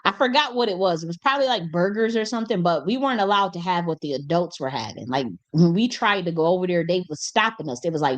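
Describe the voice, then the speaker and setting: A young woman hosting a casual storytelling monologue, animated and colloquial, laughing often and swearing freely. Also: fairly low pitch, quick pace, hardly any pauses. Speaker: host.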